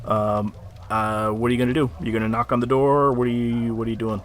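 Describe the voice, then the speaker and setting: A man's voice: mid-range voice, level tone, brisk, slight background noise. A man narrating as game master of a tabletop game, rambling with many ums and likes. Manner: rambling, filler-heavy narration.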